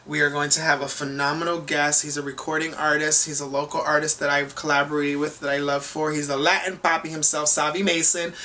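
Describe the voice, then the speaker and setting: A man's voice: fairly high pitch, sharp tone, slight background noise. A man hosting a talk show in an effusive, gushing manner.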